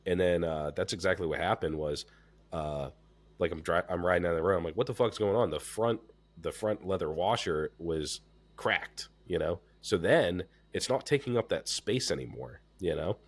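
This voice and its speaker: A man with a very deep voice, congested and stuffed up, chatting casually as a podcast host. He talks loosely, with plenty of fillers and swearing. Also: normal speed. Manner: relaxed, swears freely, many fillers. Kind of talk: casual chat.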